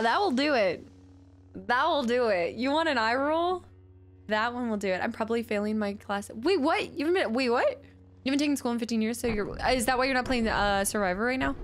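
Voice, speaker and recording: A woman streaming a video game, chatting and reacting excitedly as she plays. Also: a little high, a little hiss or hum. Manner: chatty, excitable, jumps between chat and gameplay. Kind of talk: live-stream chat while playing.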